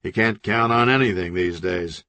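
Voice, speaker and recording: A man voicing a blunt, irritable male crime boss who talks in a gruff, impatient, insulting way. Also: low-pitched, moderate pace, bright, forceful tone, no room sound.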